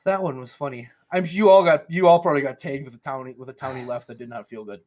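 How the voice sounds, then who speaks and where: A man co-hosting a casual podcast chat, who swears freely and laughs through animated stories. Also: medium pitch, quick pace. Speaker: podcast co-host.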